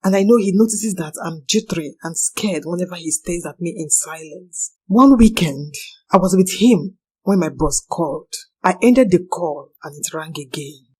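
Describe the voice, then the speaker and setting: A woman's voice: lowish voice, normal speed, darkish tone, husky. A young woman narrating a personal confession in an earnest, anxious manner.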